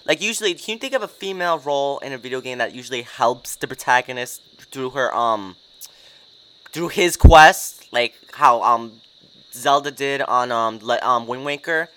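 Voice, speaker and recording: A man's voice: mid-range voice, normal speed, sharp tone, smooth, poor audio. A man hosting a casual chat, rambling and hedging with many fillers and laughing at himself. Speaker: host.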